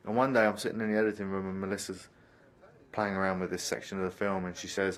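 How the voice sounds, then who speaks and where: Low-voiced man reflecting on his film. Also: little pitch movement, fast. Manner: thoughtful, searching for words. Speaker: filmmaker giving a commentary track. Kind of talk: reflective commentary.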